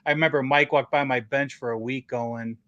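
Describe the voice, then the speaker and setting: A man's voice: mid-range voice, fairly even intonation, fast, a bit bright, lo-fi sound. A man hosting a casual livestream, reading viewer comments and telling rambling shop stories. He acts out quoted lines and often trails off while searching for words. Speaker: livestream host.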